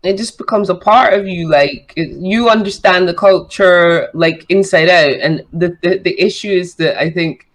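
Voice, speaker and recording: A woman's voice: lowish voice, normal speed, hardly any pauses, poor audio. A woman chatting as a radio show guest, talking in a loose, filler-heavy way. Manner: chatty, lots of fillers and likes. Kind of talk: casual radio chat.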